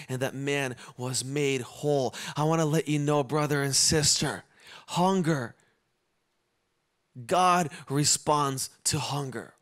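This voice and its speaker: A man with a high-pitched voice preaching a sermon. He repeats phrases in a rolling cadence and moves between quiet stretches and loud, shouted peaks. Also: measured pace. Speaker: pastor.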